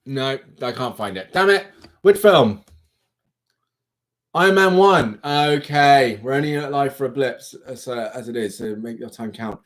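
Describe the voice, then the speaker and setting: A young man hosting a livestream, chatting casually with viewers in an animated, rambling way. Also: medium pitch, measured pace. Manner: chatty, animated, self-interrupting. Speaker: livestream host. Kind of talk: casual live chat with viewers.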